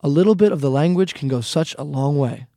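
A man's voice: a little high, fairly quick, gravelly, mellow, no room sound, clean studio sound. A man teaching a casual language lesson, friendly and repetitive, often calling the listeners "guys". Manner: friendly, repeats points, calls listeners "guys".

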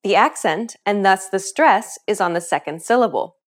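Upbeat woman teaching, lively pitch. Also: normal speed. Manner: clear, upbeat explaining with questions to the learner. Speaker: language teacher. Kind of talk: scripted lesson narration.

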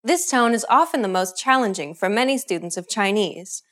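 Lively-voiced woman teaching a lesson. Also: medium pitch. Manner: clear, measured instructional delivery. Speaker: language teacher. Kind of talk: scripted lesson narration.

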